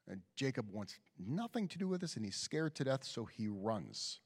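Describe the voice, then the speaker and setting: A rabbi delivers a sermon with lively, swinging intonation, telling stories like he is chatting with the congregation. His voice carries a long reverb that trails through the sanctuary. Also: medium pitch, moderate pace. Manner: conversational storytelling, animated.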